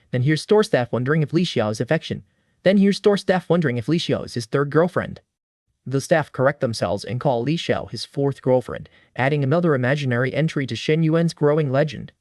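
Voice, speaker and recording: A man's voice: on the high side, a little mellow, no echo, clean studio sound. A man narrating a comic recap in a scripted, wry storytelling manner.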